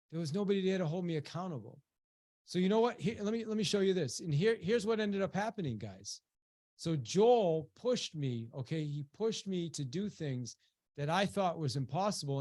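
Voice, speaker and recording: A man presenting a webinar, telling a personal story in a lively, conversational way with many restarts. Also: on the high side. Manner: animated and conversational, with many restarts and "you know"; acts out quoted voices, rising sharply when quoting a shout. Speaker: webinar presenter and business coach. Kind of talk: motivational storytelling to an audience.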